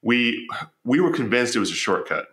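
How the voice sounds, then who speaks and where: A man's voice: medium pitch, sing-song, normal speed, fairly bright tone, roomy sound. A man telling stories as a podcast guest, earnest and reflective, often repeating words as he starts a thought. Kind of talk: storytelling in conversation.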